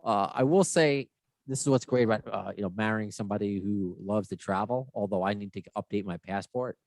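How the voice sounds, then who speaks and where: A man hosting a podcast in relaxed, friendly casual chat, joking at his own expense. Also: on the low side, fairly quick, no room sound. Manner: relaxed, friendly, self-deprecating. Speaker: podcast host.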